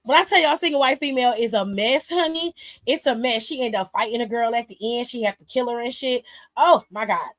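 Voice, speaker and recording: A woman hosting a wrestling aftershow, recapping with sassy, animated and profane storytelling. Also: fairly high pitch, fairly quick. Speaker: aftershow host. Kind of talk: casual recap chat. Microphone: streaming mic.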